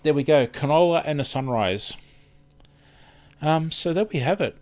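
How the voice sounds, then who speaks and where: A man's voice: a little high, animated, moderate pace, a little mellow. An Australian man hosting a live stream in casual chat, rambling and chatty, often losing his words and starting over.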